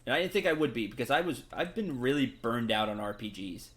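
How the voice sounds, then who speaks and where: A man's voice: mid-range voice, animated, fast talker, a bit bright. A man streaming a game, chatting casually with his viewers and laughing often. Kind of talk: casual gameplay stream chat.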